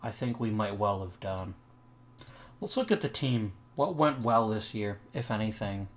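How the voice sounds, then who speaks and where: Animated yet unhurried, a young gaming channel host with a fairly low voice talks through a sports management game as a let's play. He mulls over trades and roster choices aloud and sarcastically talks back to his complaining virtual players.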